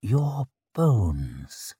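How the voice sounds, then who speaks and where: A man voicing a calm cruel old witch. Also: lowish voice, very slow, breathy edge, dry recording, studio quality, full character voice. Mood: sly.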